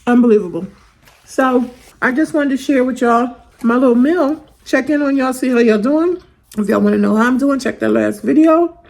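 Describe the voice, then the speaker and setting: A woman, chatting casually and warmly to viewers in a homey way in her weight loss vlog. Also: sits high, moderate pace, creaky. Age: 50s.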